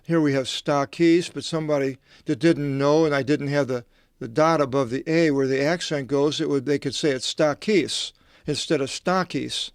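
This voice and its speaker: A man, a Bible translator, reading scripture aloud with meandering, halting commentary and asides. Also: a little high, smooth, no room sound, studio quality.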